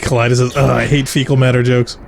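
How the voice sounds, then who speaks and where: A man's voice: medium pitch, little pitch movement, a little fast, vocal fry, background noise. A man hosting a let's play, chatting casually, laughing often and reading viewer comments aloud. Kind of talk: casual gameplay chat.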